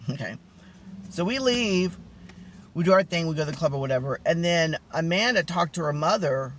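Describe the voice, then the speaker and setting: A man vlogging, telling a personal story casually with many fillers, restarts and dramatic pitch swings. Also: animated, moderate pace, fairly bright tone, slight background noise.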